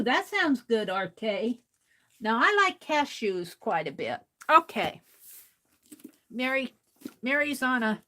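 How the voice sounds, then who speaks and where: A woman's voice: a little high, a bit bright. A woman hosting an art livestream, chatting casually while she draws and reading viewer comments aloud with easy laughter.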